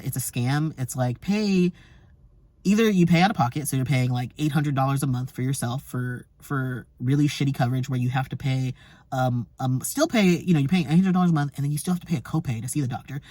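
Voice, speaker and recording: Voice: medium pitch, a little mellow, no room sound. A travel vlogger, talking casually and emphatically to camera, swearing now and then and breaking into short laughs between points.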